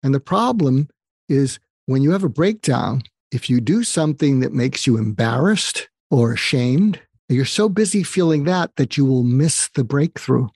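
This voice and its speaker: An older man speaks as a guest psychiatrist, earnest and advising as he tells stories. His voice is mellow and a little husky. The sound is dry and close. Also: mid-range voice, animated, unhurried, no room sound. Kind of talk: interview storytelling.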